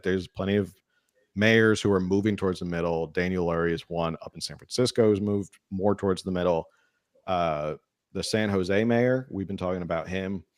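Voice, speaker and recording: A man's voice: low-pitched, darkish tone, dry recording, clean studio sound. A man hosting a casual political talk show, reading news articles aloud and adding his own asides. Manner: conversational, reads articles with asides and filler hums. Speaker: podcast host.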